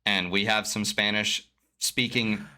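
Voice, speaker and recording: A man's voice: fairly low pitch, steady tone, unhurried, sharp tone. A man commentating for a gaming league, interviewing a player over voice chat in a friendly, chatty way. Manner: friendly, laughs easily, chatty. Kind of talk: casual post-game interview on stream. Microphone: voice chat mic.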